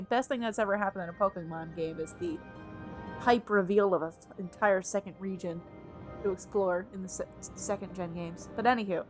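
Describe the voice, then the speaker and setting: A woman commenting on a video game playthrough, excitable, laughing and squealing often. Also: medium pitch, moderate pace, faint music behind. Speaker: gaming YouTuber. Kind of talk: let's play commentary.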